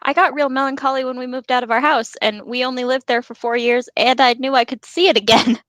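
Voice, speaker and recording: A woman's voice: high voice, steady tone, fast, fairly bright tone, no echo. A woman podcast co-host in casual chat, joking and poking fun at herself. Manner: joking, self-deprecating.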